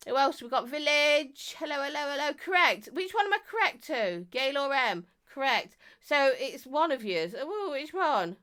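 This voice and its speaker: A croaky woman chatting casually on a live stream, reviewing vapes and greeting viewers in a chatty, self-mocking way. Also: high voice, very animated, moderate pace, few pauses, bright, forceful tone.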